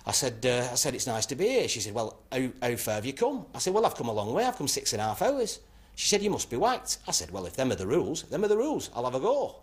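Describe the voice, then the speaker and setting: An actor playing a brash club comedian, telling rambling anecdotes that end in punchlines. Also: male voice, mid-range voice, sing-song, fast talker, natural voice. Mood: cheeky. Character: brash northern male club comic. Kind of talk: stand-up routine.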